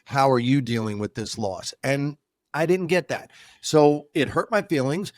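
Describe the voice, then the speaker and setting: A man co-hosting a podcast in casual chat, telling personal stories with lively acted-out dialogue and frequent stammered restarts. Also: mid-range voice, a little slow, dry recording. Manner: animated storyteller who acts out both sides of dialogues. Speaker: podcast co-host.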